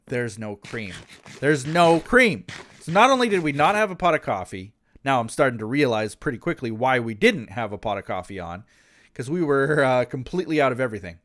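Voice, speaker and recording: A man's voice: medium pitch, big pitch swings, brisk, fairly bright tone. Rambling man telling a story. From Canada. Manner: rambling, frequent restarts and asides. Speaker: gaming channel host. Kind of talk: casual anecdote.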